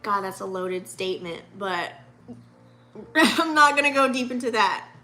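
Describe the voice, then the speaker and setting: A woman's voice: mid-range voice, lively intonation, measured pace, pushed and bright, faint music behind. A woman in her late thirties giving a casual, profane, heartfelt pep talk in a spiritual vlog, with many fillers. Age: 30s. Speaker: vlogger.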